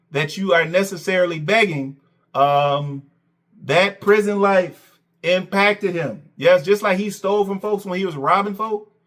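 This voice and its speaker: A man's voice: high-pitched, fairly bright tone. A man hosting a reaction commentary, sarcastic and mocking, who keeps repeating "okay" and "Coach.". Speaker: commentary channel host.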